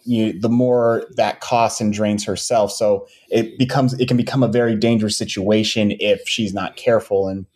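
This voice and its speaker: A man, a comics creator being interviewed, talking casually about his books with many pauses and restarts. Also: fairly low pitch. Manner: relaxed, many ums and restarts.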